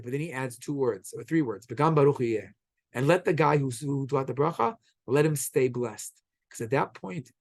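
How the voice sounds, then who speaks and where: Animated man teaching a Torah class. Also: on the high side, no echo. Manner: animated, quotes characters in quick acted voices. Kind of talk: lively storytelling class.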